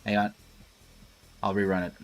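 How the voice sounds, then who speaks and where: A man's voice: fairly low pitch, level tone, moderate pace, soft background music. A man hosting a live stream, calling a competitive match in a casual, joking way. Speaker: host.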